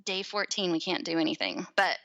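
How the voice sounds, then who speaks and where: Her pitch is fairly low and she talks briskly, though the recording is muffled. She's a podcast guest in her thirties sharing a personal story in relaxed chat, lively and performing the quoted voices.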